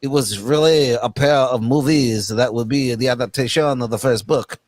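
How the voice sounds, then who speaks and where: A man's voice: mid-range voice, moderate pace, no room sound, faint music behind. A man co-hosting a casual podcast, reading news aloud and goofing around with silly voices. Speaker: podcast co-host.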